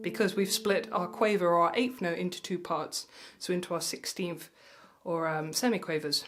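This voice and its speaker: A woman teaching mandolin, patient and reassuring, counting beats aloud slowly. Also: fairly low pitch, fairly even intonation, music in the background. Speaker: music tutor. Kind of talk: mandolin lesson. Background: mandolin playing.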